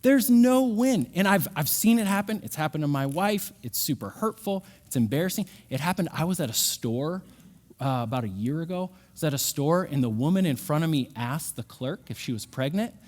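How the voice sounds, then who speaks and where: A man's voice: fairly high pitch, brisk. A man, preaching a humorous sermon and telling stories with acted-out quotes. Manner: animated storytelling with quoted voices. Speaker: pastor.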